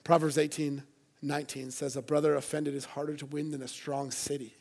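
Earnest higher-voiced male preacher. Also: level tone, a little fast, gravelly, darkish tone. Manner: earnest, conversational preaching with playful asides. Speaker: pastor. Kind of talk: sermon. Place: church in front of a congregation.

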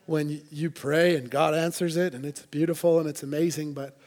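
A man's voice: fairly high pitch, steady tone, fairly quick, a little mellow. A man preaching a sermon to a church congregation, earnest and conversational, with playful asides. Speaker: pastor.

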